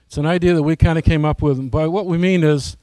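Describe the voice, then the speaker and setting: A man's voice: on the high side, fairly even intonation, quick pace, warm tone, no echo. A man giving a casual, folksy presentation to his flying club, often asking the audience questions.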